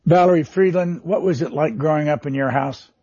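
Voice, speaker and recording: A man hosting a television interview, asking measured, direct questions. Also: a little high, mellow, husky, no room sound, lo-fi sound, soft background music.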